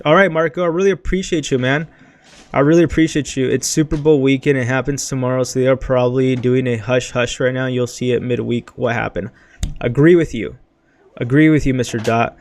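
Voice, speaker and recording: A young man runs a casual livestream from his bedroom, wired on caffeine and a little out of breath. He talks in a hyped, rambling way, tossing in "dude" and "bro" constantly. His voice sits at an ordinary middle pitch. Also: steady tone, a little fast. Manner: hyped, rambling, says freaking and dude a lot. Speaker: crypto livestream host.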